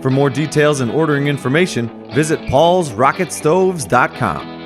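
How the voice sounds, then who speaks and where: A man doing a slow, emphatic ad announcer. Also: fairly high pitch, lively intonation, music in the background, close to an everyday voice. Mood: promotional. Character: male ad announcer, smooth and upbeat. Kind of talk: mock radio ad.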